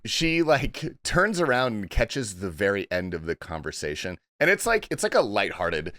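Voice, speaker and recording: Animated storytelling podcast man. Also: fairly low pitch, normal speed, no room sound, clean studio sound. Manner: animated, laughing, profane storytelling. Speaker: podcast host. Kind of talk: casual podcast chat, storytelling.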